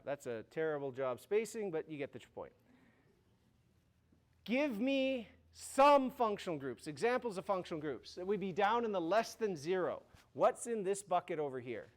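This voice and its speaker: High-voiced male chemistry lecturer. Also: expressive, a little fast. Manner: informal, joking, frequent restarts and "right?". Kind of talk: classroom lecture. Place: lecture hall.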